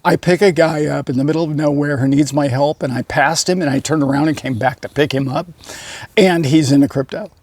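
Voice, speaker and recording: A man's voice: fairly high pitch, darkish tone, no echo. Rambling man telling a story. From United States. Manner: rambling, with many pauses and self-corrections. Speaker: channel host, boat captain. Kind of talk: casual storytelling monologue.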